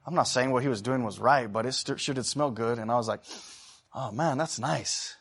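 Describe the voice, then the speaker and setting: Preaching at a quick pace with a medium pitch, this man alternates between fervent, loud urging and soft, conversational stories. He also calls on the congregation to respond.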